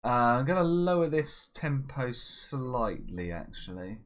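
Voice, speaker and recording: A man hosting a casual gaming video, talking through his tactics and commentating on the match, breaking into excited shouts when his side scores. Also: mid-range voice, a little slow. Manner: chatty, bursts into excited shouts at goals. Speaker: gaming channel host. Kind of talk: casual Let's Play commentary.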